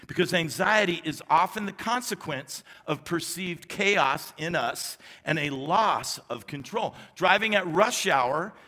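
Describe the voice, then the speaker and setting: Bright-voiced male pastor in echoing hall. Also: fairly high pitch, animated, measured pace, few pauses. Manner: conversational preaching with emphatic repetition and light humor. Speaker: executive pastor. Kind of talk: sermon. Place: large church sanctuary. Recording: long reverb of a large church hall.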